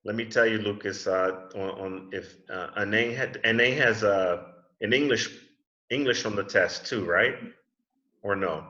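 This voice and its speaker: A man's voice: fairly low pitch, measured pace, pushed and bright. Friendly man teaching a class over a video call. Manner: friendly, repeats and restarts words. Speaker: English teacher leading a class. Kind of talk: casual class discussion. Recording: muffled video call in an echoey room.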